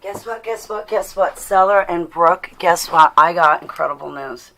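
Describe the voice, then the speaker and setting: A woman's voice: lowish voice, normal speed, fairly bright tone. A woman at home talking casually to her livestream viewers, greeting them by name and often laughing. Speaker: livestream host. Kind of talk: casual live chat to viewers. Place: indoors at home.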